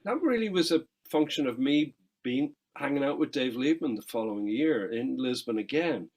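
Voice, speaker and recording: Husky middle-aged Irish man telling stories. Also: medium pitch, poor audio. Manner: animated anecdotes, quick asides and frequent swearing. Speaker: guest musician. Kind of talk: casual interview storytelling.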